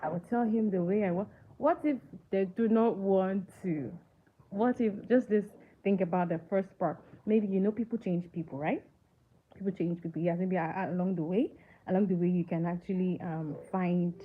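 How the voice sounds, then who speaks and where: A woman's voice: lowish voice, moderate pace. A woman hosting a casual live movie chat, talking to viewers and often asking them questions, with many fillers. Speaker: livestream movie reviewer. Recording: tinny phone-like line with faint hiss.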